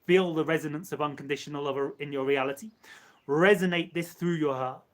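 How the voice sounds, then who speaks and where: A man with a slightly high voice channels an entity live. He speaks as "we" in slow, measured phrases and repeats words for emphasis. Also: fairly even intonation. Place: live stream.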